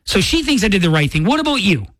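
A man's voice: sits high, very animated, fast, fairly bright tone, no room sound. A man hosting a radio show, telling a rambling personal story in a casual, chatty way and correcting himself as he goes. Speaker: radio host.

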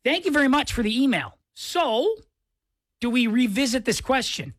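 A man's voice: very high-pitched, expressive, moderate pace, a bit bright, dry recording. A man hosting a casual radio show, chatty and rambling with lots of fillers. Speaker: radio host. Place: radio studio.

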